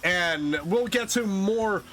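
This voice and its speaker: Male host-announcer, high bright voice, fast excitable wrestling-show patter. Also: soft background music. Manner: hyped announcer tone with quick bursts and small restarts. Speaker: host and play-by-play commentator. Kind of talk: energetic wrestling show commentary.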